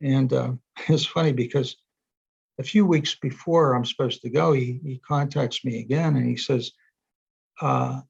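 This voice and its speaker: Older guy rambling thru stories, gravelly husky voice, kinda dull lo-fi audio. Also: medium pitch, fairly even intonation, unhurried. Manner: rambling anecdotes with many fillers and restarts. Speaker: interview guest, energy psychology author. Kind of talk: casual storytelling in conversation. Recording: dull lo-fi sound.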